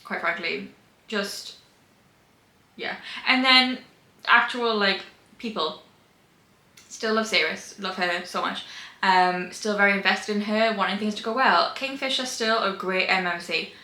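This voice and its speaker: A woman's voice: medium pitch, a little slow, pauses often, sharp tone. A young woman casually chatting about her reading, gushing and emphatic, rambling with lots of restarts. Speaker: book vlogger. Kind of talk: casual reading wrap-up chat. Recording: roomy echo.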